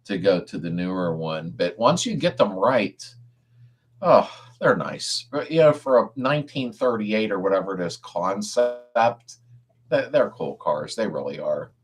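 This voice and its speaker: Speaking with a fairly low, expressive voice at a measured pace, a middle-aged man runs a relaxed live-stream chat. He reads comments from viewers and answers their car repair questions, laid-back and quick to chuckle.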